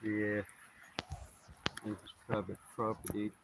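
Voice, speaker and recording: A quiet man, a farmer, talking little on a walk in a riverside park. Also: fairly low pitch, monotone, slow pace, rough recording. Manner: quiet, few words. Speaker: farmer and regular walk companion.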